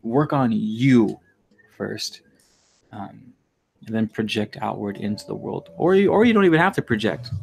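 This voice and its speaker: Male vlogger, low gravelly voice, candid and profane, loose rambling monologue. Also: lively intonation, unhurried, darkish tone, faint music behind. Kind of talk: casual monologue to viewers.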